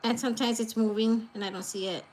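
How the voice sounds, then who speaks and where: A woman's voice: on the high side, fairly even intonation, fast, slight background noise. A woman hosting a casual livestream, chatting with viewers in a teasing, playful way, laughing often, recorded on a phone lying on a table. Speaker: livestream host.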